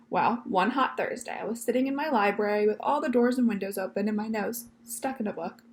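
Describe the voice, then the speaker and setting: A gentle, genteel old lady librarian spins her tale with polite little "yes, ma'am"s, as a woman puts her on. Her voice sits a little high, with a gravelly edge. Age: older. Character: elderly Southern lady librarian, gentle, storytelling.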